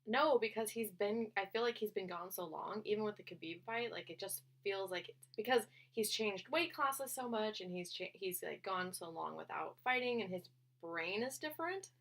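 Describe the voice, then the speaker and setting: A woman with a bright, forward voice chatting on a podcast. She talks with enthusiasm and strong opinions, restarting her sentences as she goes. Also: medium pitch, animated, normal speed. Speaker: co-host, MMA editor. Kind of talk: casual podcast chat.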